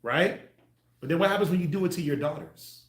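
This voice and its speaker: A man preaching to a group, acting out the voices he quotes with sudden loud bursts. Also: a little high, a little fast, reverberant. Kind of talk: street sermon teaching.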